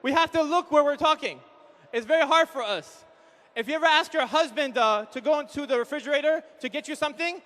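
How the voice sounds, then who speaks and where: A man in his thirties doing animated stand-up comedy, acting out quick voices of husbands and wives on a live hall mic. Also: very high voice. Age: 30s. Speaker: comedian speaker at an event. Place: large hall with an audience.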